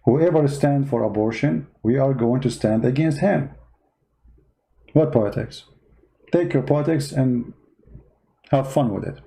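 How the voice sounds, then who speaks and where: A man's voice: mid-range voice, a little slow, creaky, pauses often, dark tone, rough recording. A man with non-native English giving online commentary, arguing his point with rhetorical questions. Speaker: Christian commentator.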